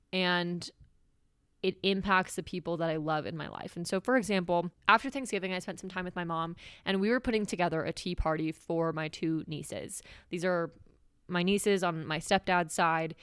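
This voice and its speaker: A woman's voice: on the low side, fairly bright tone, clear, resonant tone, dry recording, studio quality. A young woman hosting a podcast, talking candidly and reflectively about her own feelings in a solo, confessional way. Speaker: podcast host.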